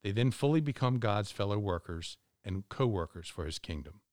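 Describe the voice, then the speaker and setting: A man with a fairly low voice reads a passage of religious teaching aloud for a podcast. His delivery is measured and deliberate. The recording is close and dry, with no room echo. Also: lively intonation, a little mellow. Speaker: podcast reader. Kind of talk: reading a text aloud.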